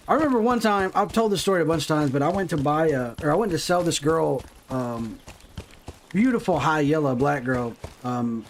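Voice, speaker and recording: A man talking loosely while he plays on a livestream, his voice a touch high for a man. He swears freely and wanders from story to story, with a faint hiss of background noise. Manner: profane, rambling storytelling. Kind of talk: casual gaming livestream chat.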